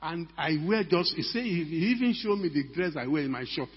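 An older man delivers an emphatic sermon in a large church hall. His voice is husky and sits a little high. The sound is dull and lo-fi, with a long echo trailing each phrase. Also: expressive, a little fast. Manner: emphatic, rhetorical questions to the congregation. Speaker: pastor.

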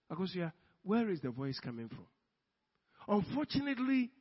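Male preacher, high and unhurried, emphatic with sudden quiet asides; reverberant, muffled hall recording. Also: slightly rough. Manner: emphatic preaching, swinging between loud bursts and hushed asides. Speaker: pastor. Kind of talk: sermon. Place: church hall. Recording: long hall reverb, dull lo-fi sound.

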